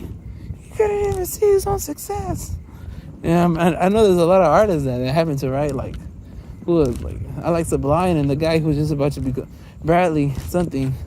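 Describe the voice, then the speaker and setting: A man's voice: on the high side, warm tone, slight background noise. A man walking through his neighborhood, talking in a loose, rambling vlog monologue, laughing often. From Los Angeles area. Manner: chatty, laughs often, many fillers. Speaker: vlogger.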